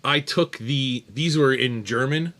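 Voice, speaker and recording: A man co-hosting a casual beer podcast, reading out trivia questions in a joking, animated way. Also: mid-range voice, unhurried. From United States. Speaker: podcast co-host running trivia.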